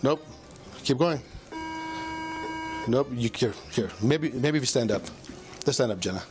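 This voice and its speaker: A man's voice: medium pitch, animated, measured pace. A male police officer coaching a suspect through a breath test with short, repeated commands. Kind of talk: bodycam field recording.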